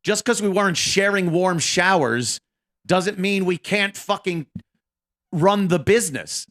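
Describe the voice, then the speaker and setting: Speaking a little slowly in a high, slightly bright voice, this radio co-host in his fifties rambles casually about his career. His asides are profane and self-deprecating.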